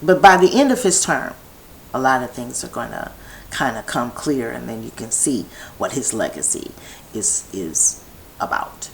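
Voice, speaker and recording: A woman's voice: extremely low pitch, lively intonation, moderate pace, gravelly, slight background noise, rough recording. A woman vlogger talking in a meandering personal monologue from her home set, restarting her thoughts and drifting into chatty asides.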